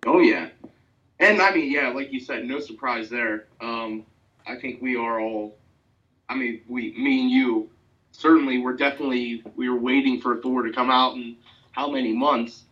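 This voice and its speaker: A man's voice: mid-range voice, moderate pace, a bit bright. A man co-hosting a podcast in casual, easygoing chat. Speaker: podcast co-host. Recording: dull, distant mic sound.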